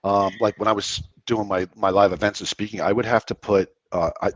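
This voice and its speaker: A man from the Philadelphia area, a guest on a podcast, talking rapidly and laughing at himself. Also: lowish voice, steady tone, no echo, dull audio. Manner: rapid, self-deprecating, laughs often. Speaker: guest, business credit expert. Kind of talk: casual interview chat.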